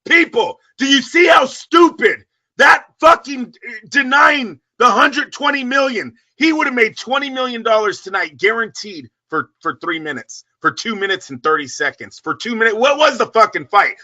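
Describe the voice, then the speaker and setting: A very high-pitched man with a sharp, intensely bright tone holds the floor on a boxing talk show. He rants loudly and swears freely, firing off heated questions at his co-host and listeners. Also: very animated, moderate pace. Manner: loud, profane, ranting. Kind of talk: heated sports talk rant.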